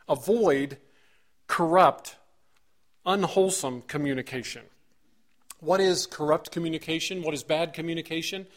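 A man's voice: fairly high pitch, a bit bright. A middle-aged male pastor preaching a sermon in an earnest manner, acting out short examples and building emphasis as he goes.

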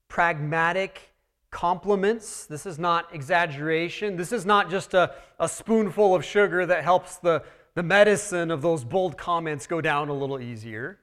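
A man with a fairly high voice preaches a sermon. He works through a text verse by verse, his delivery rising to loud emphasis and dropping back to quiet earnestness. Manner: emphatic preaching with wide swings in loudness; expository, walking listeners through a text. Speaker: pastor.

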